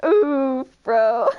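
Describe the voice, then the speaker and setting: A woman's voice: sits high, phone-quality sound. A woman co-commentating a live esports match, chatty and giggly.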